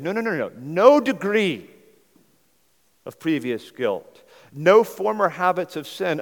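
A pastor preaching a sermon earnestly and emphatically, rising to loud insistence and dropping to hushed pleading. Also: male voice, high-pitched, big pitch swings, slow pace, vocal fry. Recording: long hall reverb.

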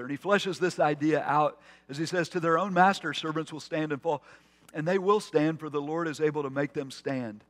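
A man's voice: a little high, brisk. A man preaching a conversational sermon as pastor, with asides and restarts. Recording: long hall reverb.

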